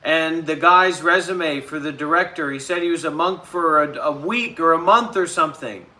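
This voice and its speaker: A man's voice: on the high side, moderate pace, pushed and bright. A man hosting his own live stream, ranting and combative toward his chat.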